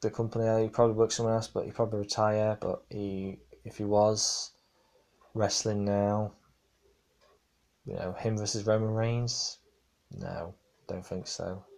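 Solo podcast host, man, lower voice, casual and hesitant delivery with frequent pauses. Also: level tone, creaky, darkish tone. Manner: rambling, hesitant, many fillers and restarts. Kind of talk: casual wrestling review podcast.

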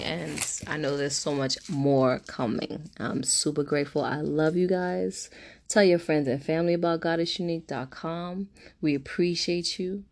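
A young woman with a low voice makes a brash, slangy pitch for her own beauty line. She talks in a chatty, playful way and laughs often. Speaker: business owner promoting her products. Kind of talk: promotional pitch.

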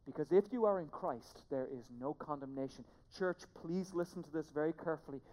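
A pastor preaching a sermon to a church, emphatic, repeating key phrases and swinging between hushed and loud delivery. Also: mid-range voice, brisk. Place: church sanctuary. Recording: long reverb of a large hall.

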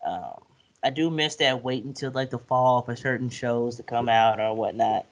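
A man co-hosting a casual podcast chat, talking loosely and laughing as he retells TV scenes. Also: normal speed. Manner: animated, laughing, acts out scenes in high put-on voices. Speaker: podcast co-host.

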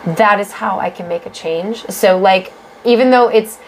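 A woman's voice: medium pitch, normal speed, slight background noise, rough recording. A woman co-hosting a podcast in casual chat, rambling with many fillers and light joking. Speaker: podcast co-host.

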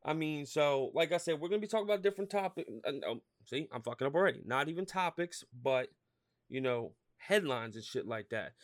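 A man hosting a podcast, ranting about sports in a loud, profane, rambling way. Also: fairly high pitch, expressive, a little fast, dry recording, studio quality. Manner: loud, swearing, rambling and fired-up. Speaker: podcast host.

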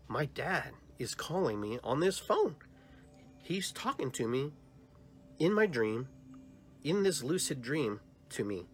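A man in his fifties hosting a podcast, rambling softly and heartfelt as he tells a personal story. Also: mid-range voice, very animated, slow, pauses often. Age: 50s. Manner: rambling, heartfelt, soft-spoken retelling of a dream. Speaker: podcast host.

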